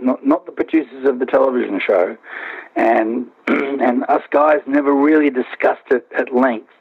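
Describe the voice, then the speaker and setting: A man's voice: mid-range voice, slightly rough, dry recording. A man being interviewed about his band, rambling with lots of restarts and "you know"s. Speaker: band member, interview guest. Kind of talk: remote interview, casual recollection. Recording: dry, tinny phone-line sound.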